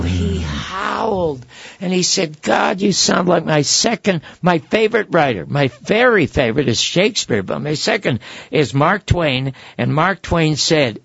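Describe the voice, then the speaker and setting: Older man, gravelly husky voice, slightly high, dry dull lo-fi sound, animated storytelling. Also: dry recording. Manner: animated storyteller who acts out quoted voices. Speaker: guest. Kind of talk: anecdotal storytelling.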